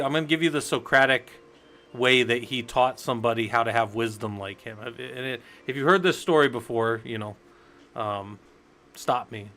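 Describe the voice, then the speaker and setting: An American man with a medium-pitched, sharp voice teaches a Linux class over livestream. He rambles and chats directly with his viewers in chat, telling stories and acting out the quotes.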